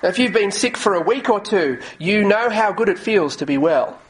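A man's voice: sits high, lively intonation, moderate pace, poor audio. A male pastor preaching a sermon earnestly, often repeating words as he goes and reading scripture aloud. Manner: reads scripture aloud in old English wording.

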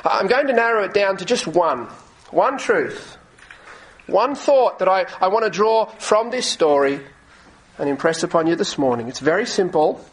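High-voiced male pastor preaching earnestly. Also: rough recording. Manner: earnest, repeats words as he talks; reads scripture aloud in old English wording. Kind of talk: sermon.

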